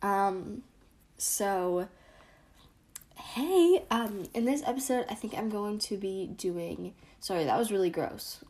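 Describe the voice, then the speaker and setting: A woman's voice: mid-range voice, animated, slow pace, darkish tone. A young woman co-hosting a casual podcast, giggling and restarting her intro lines. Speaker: podcast co-host. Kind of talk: casual podcast chat, blooper takes.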